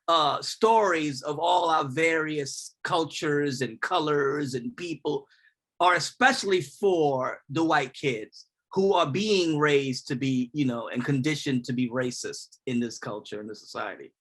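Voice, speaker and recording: A man's voice: on the high side, lively intonation, unhurried, fairly bright tone. A man author on a panel speaking earnestly and conversationally, with many fillers. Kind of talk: panel discussion.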